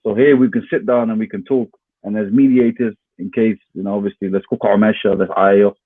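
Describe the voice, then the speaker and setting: A man's voice: lowish voice, steady tone, a little fast, husky, no echo. A man in a casual open mic chat, earnestly arguing his case. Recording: tinny phone-like line.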